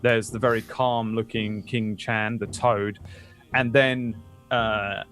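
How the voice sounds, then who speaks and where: A man's voice: on the low side, little pitch movement, slow pace, a bit bright, faint music behind. A man narrating as game master of a tabletop game, casual and full of fillers.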